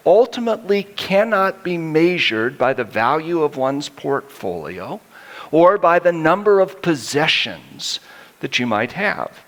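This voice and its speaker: A man's voice: fairly high pitch, a bit bright. A middle-aged male pastor preaching a sermon, telling stories and acting out the quotes he reads.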